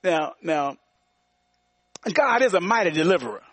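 A man's voice: a little high, big pitch swings, unhurried, a bit bright, breathy edge, no echo. A man of around sixty preaching a sermon, repeating lines for emphasis and inviting the congregation to answer back. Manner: repetitive call-and-response preaching with frequent laughs. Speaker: pastor.

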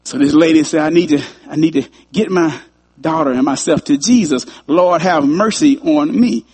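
A man's voice: a little high, normal speed, darkish tone, slightly rough. A man preaching a sermon in a conversational way, chuckling often and repeating his phrases.

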